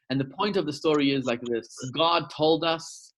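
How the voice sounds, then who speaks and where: A man's voice: a little high, normal speed, few pauses, a bit bright. A middle-aged male rabbi giving a sermon over a video call, telling a story and repeating words for emphasis.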